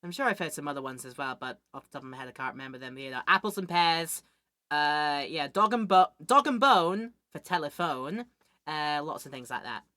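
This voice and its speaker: A woman's voice: low-pitched, animated, brisk, sharp tone, no echo, clean studio sound. A young woman streaming a game, chatting casually and voicing the characters as she reads. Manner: chatty, voices characters while reading. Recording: music playing behind.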